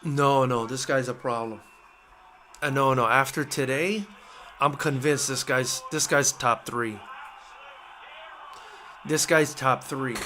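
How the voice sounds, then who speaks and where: A man hosting a live boxing companion stream, talking excitedly and emotionally, repeating himself as he reacts. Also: mid-range voice, slight background noise. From United States. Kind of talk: live fight companion commentary.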